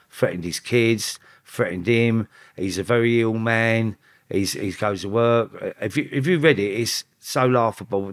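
This podcast guest is a low-pitched man telling stories in a casual, profane style, swearing as he goes. He acts out other people's dialogue in fast back-and-forth, animated and rising in pitch for the quotes.

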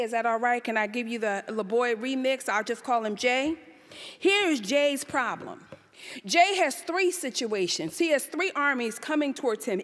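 Animated woman preaching in a hall. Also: on the high side. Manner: animated preaching, rhetorical questions, shouts. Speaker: pastor. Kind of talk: sermon. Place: church sanctuary. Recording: live church service in a reverberant hall.

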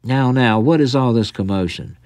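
A man voicing an indignant, doting aunt with a raised, pleading pitch. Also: normal speed, a little mellow, no room sound, lightly acted. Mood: fussing. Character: indignant middle-aged Southern aunt, doting mother.

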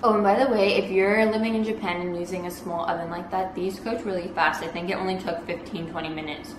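A young woman vlogging in a small apartment, chatting in a gushing, casual way, sprinkled with "like" and "um". Her voice sits a little low. The camera mic is some way off, so the sound is roomy and distant over a faint hum. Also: fairly even intonation, quick pace. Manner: warm, gushing, many fillers and "like". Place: small apartment room indoors.

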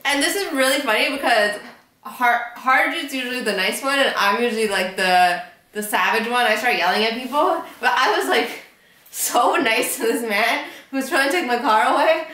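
A chatty young woman vlogging in a casual, storytelling way, with a fairly high voice. She tends to draw out some words and laugh partway through sentences. The sound is echoey, as if recorded in a bare room. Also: normal speed, bright, forceful tone. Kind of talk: casual vlog chat.

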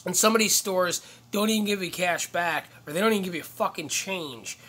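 A man rants to a phone camera, swearing hard and rambling between heated outbursts. His voice sits a bit high and sounds bright and tense. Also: brisk. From upstate New York. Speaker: comedian. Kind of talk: profane ranting monologue. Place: in or near a truck.

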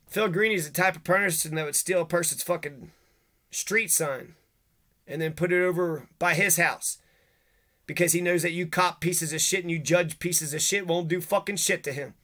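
A man in an agitated, profane rant, throwing accusations and rhetorical questions. His voice sits a little high and comes out bright and cutting. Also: fairly even intonation, normal speed. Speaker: vlogger. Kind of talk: angry rant to camera.

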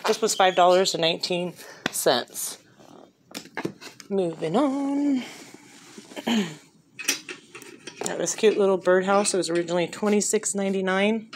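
A woman's voice: mid-range voice, steady tone, moderate pace, pauses often, noisy background. A woman chatting casually through a shopping haul and reading off prices, filmed on a handheld phone at home. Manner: chatty, upbeat, reads off prices. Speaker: vlogger showing a shopping haul. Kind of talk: casual haul video chat.

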